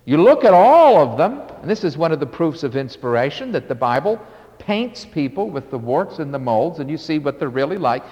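A man's voice: fairly high pitch, very animated, moderate pace, darkish tone, muffled recording. An older man preaching a sermon as pastor, emphatic and drawn out, with sudden swells and drops in his delivery. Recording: long hall reverb.

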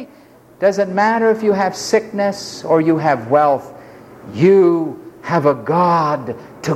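A preacher delivers an impassioned sermon in a high, lively voice that leaps and drops. His lines swing from near-shouts down to hushed murmurs. A faint noise sits behind him. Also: poor audio.

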